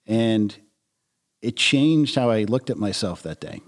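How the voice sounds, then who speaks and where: A man's voice: fairly low pitch, expressive, unhurried. A man as an interview guest, talking reflectively with many casual fillers. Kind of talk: conversational interview.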